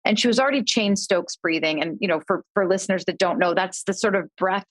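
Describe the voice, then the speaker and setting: A middle-aged woman speaks as a podcast guest, spinning a personal story with lively quoted voices. Her pitch sits in a middle range. The recording is dry and close, with no room sound. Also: quick pace, no echo. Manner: animated storyteller, voices quoted family members. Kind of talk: conversational storytelling.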